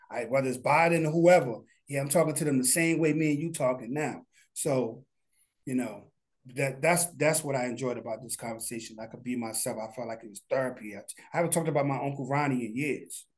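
A medium-pitched man speaking a little fast is a guest on an interview, the founder of a studio. His talk is casual, earnest and heartfelt, rambling with frequent restarts.

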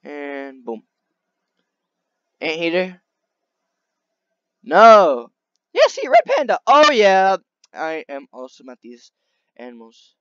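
A man giving casual, excitable gameplay commentary, chatting along and talking to the animals on screen. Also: sits high, slow, pauses often, clean tone, dry recording, lo-fi sound. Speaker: gaming video creator.

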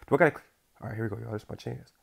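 A young man giving casual gameplay commentary, using slang and swinging between hushed focus and loud outbursts. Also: medium pitch, vocal fry, a little hiss or hum. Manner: casual slang, says bro and y'all. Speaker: gaming YouTuber.

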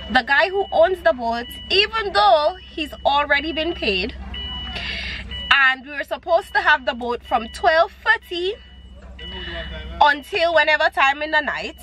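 A young woman talks straight to her phone camera in a loose, slangy travel-vlog style. Her voice sits high, and steady background noise runs under the whole recording. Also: low-quality recording. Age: young adult. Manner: chatty, expressive, slangy. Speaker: vlogger. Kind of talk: casual travel vlog chat. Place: outdoors at a harbor.

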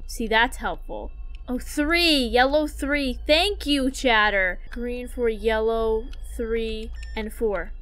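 A woman's voice: a little high, takes it slowly, a bit bright. A young woman streaming a horror game, chatting nervously with her viewers and reacting with jumpy alarm. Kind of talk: gaming commentary.

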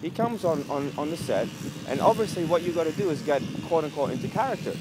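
A man's voice: a little high, quick pace. A man, ranting to the camera in a rambling, profane, casual way while outdoors in a city. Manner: profane, rambling, lively delivery. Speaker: vlogger. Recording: street noise behind.

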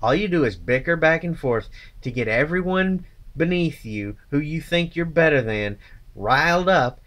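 A man's voice: a little high, lively intonation, normal speed, a bit bright. A man ranting angrily to his channel, contemptuous and swearing constantly. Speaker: channel host. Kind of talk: angry profane rant to camera.

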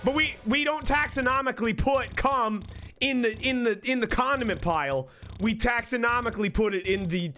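A man's voice: extremely high pitch, moderate pace, bright, forceful tone, a little hiss or hum. A man streaming live, ranting with emphasis and mock outrage, swearing often.

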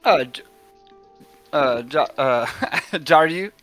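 Male player, bright forward tone, halting delivery with lots of fillers. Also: mid-range voice, fairly even intonation, faint music behind. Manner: halting, filler-heavy, laughing. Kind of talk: tabletop role-play, in and out of character.

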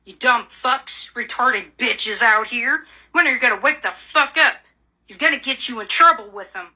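A woman's voice: a little high, normal speed, bright, forceful tone. A woman in an angry, profane rant, hurling repeated insults and accusations. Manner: furious, profane, repetitive insults; bitter, accusing.

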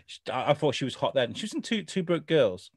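A man's voice: mid-range voice, very animated, fairly quick, breathy edge, dry recording, studio quality. A man co-hosting a casual chat, talking loosely, swearing, and acting out quotes as he retells scenes. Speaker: podcast co-host.

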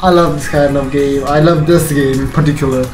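A man giving rambling, excitable commentary over his gameplay. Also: a little high, over music, rough recording. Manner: excitable, rambling, fast bursts. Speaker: gaming YouTuber. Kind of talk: let's play commentary.

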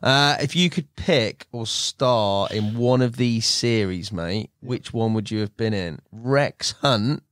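A man's voice: lowish voice, takes it slowly, hardly any pauses, fairly bright tone, no room sound, studio quality. Man, podcast host saying "mate". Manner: friendly, calls the guest "mate" constantly. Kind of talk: casual interview.

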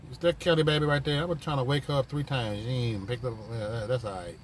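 A man's voice: mid-range voice, steady tone, fast talker, slight background noise. A man hosting a casual live stream from his phone, talking loosely in profane, rambling banter with viewers. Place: on a work break, vehicle sounds nearby.

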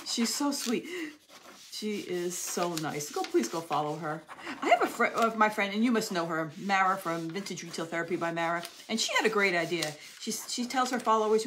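A woman's voice: medium pitch, expressive, moderate pace, noisy background. Chatty woman demonstrating a craft live. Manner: chatty, friendly, talks while working. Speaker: craft channel host.

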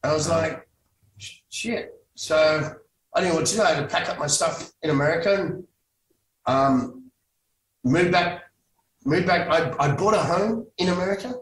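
Man telling stories, slightly high. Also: moderate pace. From Australia. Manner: rambling, frequent restarts, swears for emphasis. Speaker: guest, former soap actor. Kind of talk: casual storytelling interview. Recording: echoey room, distant mic, faint noise.

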